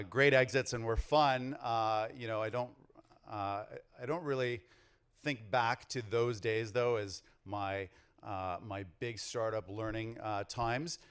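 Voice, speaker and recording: A man in his forties gives an energetic conference keynote on stage, rallying the audience with questions. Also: fairly low pitch, smooth. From Canada. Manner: energetic, rallies the crowd with questions. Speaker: keynote speaker. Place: on stage before a large audience.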